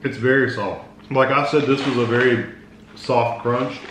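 Man co-host, easygoing snack describer, mid pitch, echoey room. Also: normal speed. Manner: calm, descriptive, agreeable. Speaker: co-host of food review channel. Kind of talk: casual taste-test chat. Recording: roomy with faint noise.

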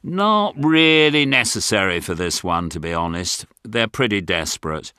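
A man's voice: lowish voice, animated, normal speed, pushed and bright, clean tone, no room sound, clean studio sound. An older man voicing a breezy, chummy older male teaching-agency man in an audiobook, his tone offhand and reassuring.

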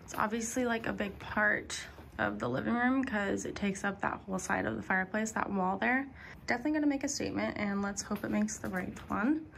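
A young woman vlogging casually from her apartment in a groggy morning voice, chatty and relaxed with lots of fillers. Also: medium pitch, fairly quick, vocal fry, a little hiss or hum. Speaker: DIY vlogger. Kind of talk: casual home vlog narration. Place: apartment living room.

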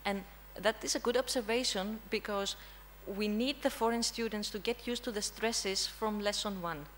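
A woman's voice: mid-range voice, moderate pace, a little hiss or hum, rough recording. A woman with a Greek accent giving an interactive conference lesson, quizzing the audience and often checking in with a questioning "hmm?". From Greece. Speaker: language teacher presenting. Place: conference room.

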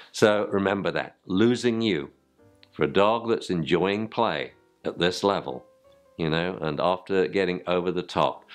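An older man, teaching dog training informally and acting out yelps and spoken commands to dogs. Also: low voice.

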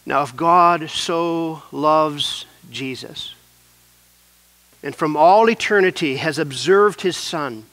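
A man preaching a sermon as pastor, in an earnest, measured way with repeated phrases. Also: sits high, a bit bright, no room sound.

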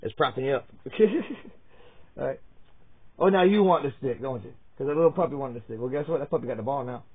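Talking fast in a slightly rough, medium-pitched voice, a man films his dogs indoors and teases them, cursing freely in his playful chatter. The recording sounds tinny and phone-like.

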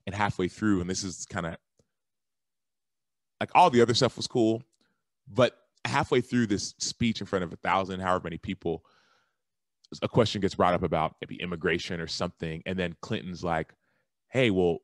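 A man from Texas, a guest on a podcast, telling a lively story in a casual, animated way that jumps high when he quotes himself. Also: no room sound, clean studio sound. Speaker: guest, former football linebacker and author.

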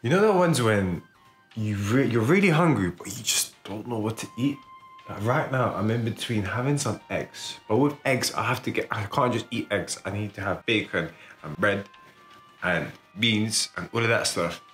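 A man's voice: lowish voice, lively intonation, moderate pace, a bit bright. A man chatting casually in a vlog at home, with playful, joking self-commentary. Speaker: vlogger. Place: home kitchen. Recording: echoey kitchen with music.

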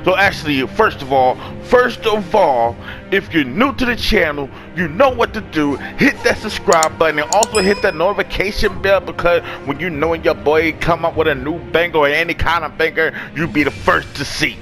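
A young man casually commenting on his gameplay, loud and excitable, cursing and trash-talking the enemies. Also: a little high, fairly quick, few pauses, music in the background. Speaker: gaming channel host.

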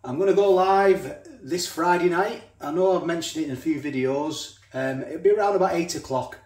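A man's voice: fairly high pitch, moderate pace, darkish tone, roomy sound. A man chatting casually as he cooks and tastes food in a home kitchen. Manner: chatty, talks while chewing, frequent restarts. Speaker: food reviewer. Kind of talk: casual food review vlog.

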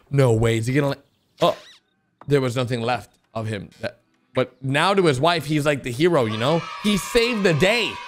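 A young man giving excited reaction commentary on animated videos, with an exclamatory, animated way of talking. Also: on the high side, background noise. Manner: animated, exclamatory, frequent gasps and laughs. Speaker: gaming YouTuber reacting to animations.

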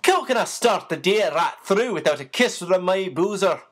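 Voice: medium pitch, sing-song, a little slow, fairly bright tone, pitched above the performer's own voice. A reader voicing a small, good-humoured old sailor man who talks in a hearty, genial way.

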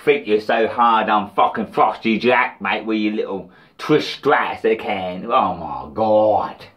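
A man's voice: fairly low pitch, a little slow, a bit bright, faint music behind. A British man ranting in a rambling, profane, taunting diss vlog. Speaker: vlogger.

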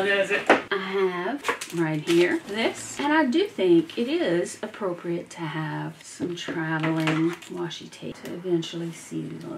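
A woman with a drawl talks her way through a craft project at her desk, slow and unhurried, murmuring little half-whispered asides to herself. Her home recording carries a clear hiss of background noise. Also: on the low side. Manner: muttering half-whispered asides while she works. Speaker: crafting vlogger. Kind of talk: casual craft demo talk.

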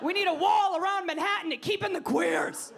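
A woman's voice: very high-pitched, brisk, creaky, background noise, pitched above the performer's own voice. A woman comedian impersonating a furious female politician who screams clipped declarations on a comedy club stage. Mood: shouting.

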